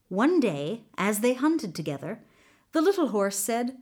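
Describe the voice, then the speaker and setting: Woman storyteller reading a folk tale aloud, lively in pitch and slow-paced. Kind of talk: storybook narration.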